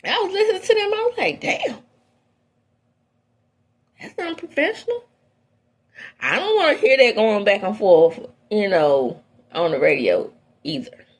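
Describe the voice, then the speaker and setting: A woman hosting a gossip show, talking casually and bluntly in a mid-height voice. Her tone drops into low muttered asides, then jumps up into loud, high exclamations when she makes a point. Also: very animated, moderate pace. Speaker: entertainment gossip host. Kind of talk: opinionated casual commentary.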